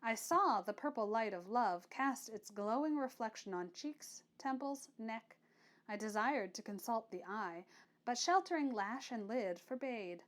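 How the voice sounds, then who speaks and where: A woman with a fairly high voice reads a classic novel in the first person. Her pacing is measured and her storytelling expressive. The delivery is that of an audiobook narrator.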